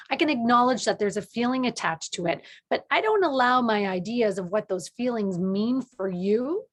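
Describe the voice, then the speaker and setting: A woman leadership coach explaining to camera in an earnest way, acting out the quoted lines with lively shifts in pitch. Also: husky.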